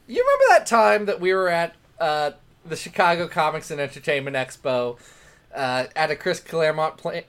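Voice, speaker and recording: Animated joking male podcast co-host. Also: fairly high pitch, normal speed, smooth. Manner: jokey, animated, mock accents. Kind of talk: casual podcast chat.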